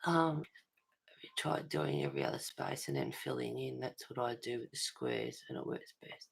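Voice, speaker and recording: A middle-aged woman with a deep, creaky, husky voice hosts a casual livestream for her colouring channel from a table at home, chatting to viewers by name over a webcam. Her pitch swings hugely at a moderate pace. She answers comments with endearments and calls herself fussy and pedantic.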